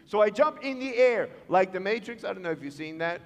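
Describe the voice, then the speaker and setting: A man with a notably high voice tells a story to students, bouncing between characters and acting out each line of dialogue. He speaks as a motivational speaker in a large school hall, and his voice carries a long echoing reverb. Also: brisk, hardly any pauses. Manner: animated, acts out dialogue in voices.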